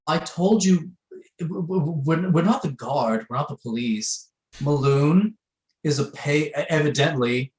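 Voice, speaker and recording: A man playing a tabletop game, speaking in character in an echoey room. His mid-range voice rambles and stammers over its words. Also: medium pitch. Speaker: player.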